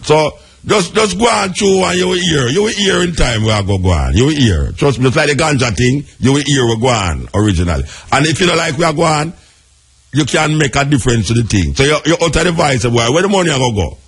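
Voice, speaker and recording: A Jamaican man hosts a call-in radio show with a husky, slightly higher voice. He speaks in a preachy, reassuring way, leaning on his points and drawing them out. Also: sing-song. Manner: preachy, reassuring, drawn-out emphasis. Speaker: radio talk show host.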